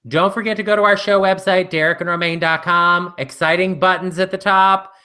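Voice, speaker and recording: Bright-voiced man rambling through a story. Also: sits high, fairly even intonation, fairly quick. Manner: rambling storyteller with many fillers. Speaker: co-host. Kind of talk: casual live chat.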